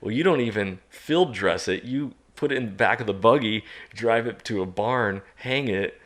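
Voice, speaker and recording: Low-voiced man telling a lively story. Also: moderate pace. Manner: animated, self-mocking, chuckles at his own story. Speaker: podcast guest. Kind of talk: casual storytelling.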